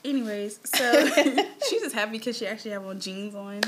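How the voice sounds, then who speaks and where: A woman's voice: fairly high pitch, expressive, moderate pace, a bit bright, slight background noise. A woman hosting a podcast in casual chat, blunt and swearing, laughing often. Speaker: podcast host.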